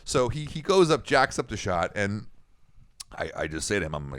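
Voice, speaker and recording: Animated man telling a rambling story. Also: deep voice, normal speed, gravelly, no echo. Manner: animated, rambling with frequent restarts. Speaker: podcast co-host. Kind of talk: casual storytelling chat.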